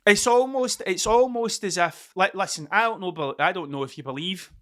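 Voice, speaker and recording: A man's voice: high voice, moderate pace, a bit bright. A Scottish man hosting his own podcast, rambling and swearing freely as he drifts from one point to the next. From Scotland. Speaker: podcast host. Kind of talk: casual solo podcast monologue.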